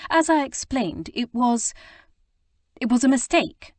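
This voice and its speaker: A woman's voice: fairly high pitch, expressive, measured pace, darkish tone, no room sound, pitched above the performer's own voice. A woman voicing a spirited, prim young Regency lady who speaks with emphatic, proper indignation. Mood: indignant.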